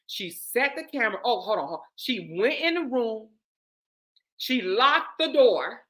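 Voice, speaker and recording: A woman hosting a vlog, talking in a sarcastic, animated, slangy commentary style. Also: a little high, a little slow. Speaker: vlog host.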